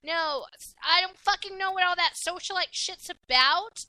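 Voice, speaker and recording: A woman's voice: very high-pitched, moderate pace, pushed and bright, no room sound, poor audio. A woman co-hosting a casual podcast, blunt and rowdy, swearing freely and often laughing. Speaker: podcast co-host. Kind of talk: casual profane chat.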